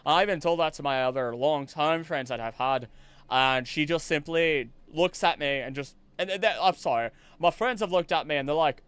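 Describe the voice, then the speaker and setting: Lively, rambling man chatting on stream. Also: on the high side, brisk. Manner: rambling, animated, slips into playful voices. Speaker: streamer and voice actor. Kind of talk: casual chat on a game stream.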